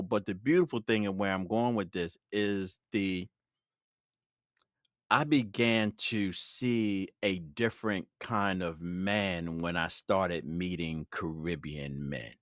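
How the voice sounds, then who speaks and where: Deep-voiced man hosting a podcast. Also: dry recording, studio quality. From Brooklyn, New York. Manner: reflective storytelling, relaxed and personal. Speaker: podcast host. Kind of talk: conversational interview.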